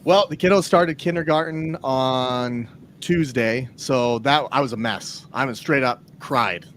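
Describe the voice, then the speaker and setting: A man's voice: medium pitch, a little slow, a bit bright. Man, medium voice, chatty podcast host, faint background hiss. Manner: upbeat, chatty, guides the talk. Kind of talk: casual sports chat.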